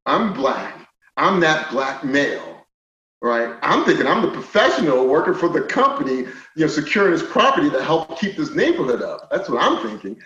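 A man telling a personal story as a podcast guest, animated, moving from quiet stretches to loud indignant retellings. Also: fairly high pitch, moderate pace. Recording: roomy, slightly dull podcast audio.

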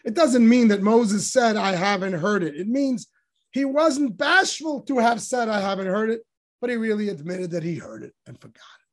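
Teaching a text study class on religious commentary, this Torah teacher asks emphatic rhetorical questions and lets his voice rise on quotations. His high-sitting voice has lively intonation, and his pace is normal.

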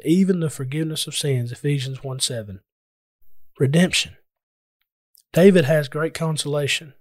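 A man preaching a sermon as pastor, earnest, slowing down for emphatic scripture quotes. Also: fairly high pitch, dry recording, clean studio sound.

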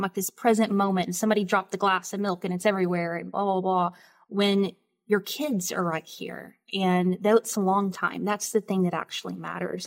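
A woman's voice: mid-range voice, creaky. A woman with a Southern American accent hosting a casual interview, enthusiastic and thinking aloud as she talks. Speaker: podcast host.

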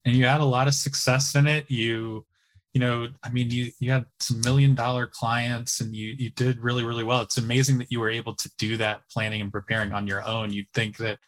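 A man hosting a casual interview in a mid-range voice. He talks haltingly, circling back and restarting his sentences as he works toward his point. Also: medium pitch, little pitch movement, a bit bright. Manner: halting, many restarts and fillers. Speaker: podcast host.

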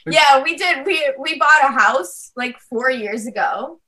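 Bubbly woman guest, high bright voice, quick chatty stories over a video call. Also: expressive. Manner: bubbly, laughs often, quick storytelling. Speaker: bakery co-owner, guest. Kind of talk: casual podcast chat. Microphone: video call mic.

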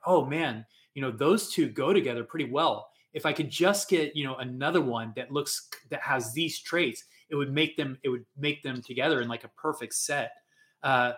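A man's voice: mid-range voice, a bit bright. A man hosting a casual livestream podcast, chatting in a rambling, upbeat way and reading from the chat. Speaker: podcast host.

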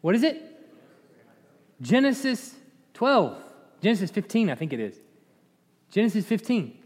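A man's voice: high-pitched, very animated, measured pace, long pauses, darkish tone. A man giving informal Bible teaching in a conversational way, quizzing his listeners and chuckling now and then. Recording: echoey hall reverb.

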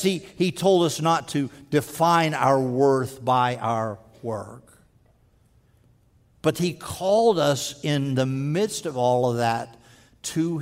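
A man preaching a sermon in earnest, stumbling over restarts and dropping to a slow, quiet voice for emphasis. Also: medium pitch. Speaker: pastor. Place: church sanctuary. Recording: long hall reverb.

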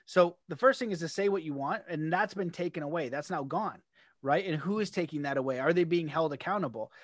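A Canadian man talks in a loose, rambling way, animated and quick to laugh. His voice sits fairly high. The sound is dry and close, with no room echo. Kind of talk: casual podcast conversation.

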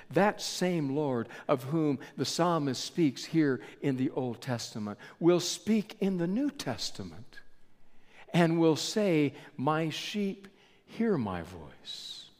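A man preaching a sermon in a church, slow and deliberate with dramatic pauses. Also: on the high side, a little mellow. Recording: long reverb of a large hall.

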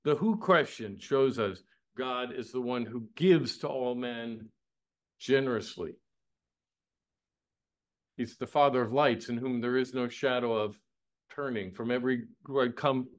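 A man's voice: mid-range voice, measured pace. A man teaching a Bible lesson. He quotes scripture and asks and answers his own questions. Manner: asks questions and answers them, repeats key phrases, quotes scripture, laughs softly.

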